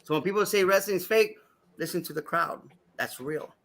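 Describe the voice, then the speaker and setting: Bright-voiced high-pitched man telling stories. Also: moderate pace, creaky. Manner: animated, acts out voices, swears freely. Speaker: wrestling referee, guest. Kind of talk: casual podcast storytelling.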